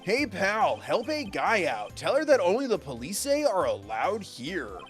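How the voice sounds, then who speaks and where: Guy doing a bumbling cop, blustery and gruff, lively. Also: high-pitched, unhurried, faint music behind, exaggerated voice. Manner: blustery, calls people pal. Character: gruff, bumbling male police detective. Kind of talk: reading game dialogue aloud.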